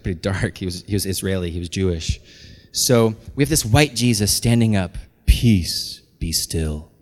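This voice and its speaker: A pastor in his thirties preaching a sermon, animated, building to loud, intense passages. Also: on the low side. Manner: animated, climbs to shouting intensity. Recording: long hall reverb.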